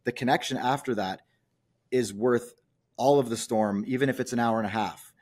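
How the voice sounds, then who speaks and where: A man's voice: mid-range voice, normal speed, a little mellow. A man coaching men in a podcast discussion, earnest and persuasive, asking many rhetorical questions. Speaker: men's coach.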